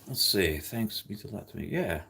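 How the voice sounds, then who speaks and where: A man's voice: low voice, expressive, moderate pace, gravelly, sharp tone, husky. Chatty New man hosting a livestream. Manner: chatty, rambling, ranting. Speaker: livestream host. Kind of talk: casual chat reading live comments.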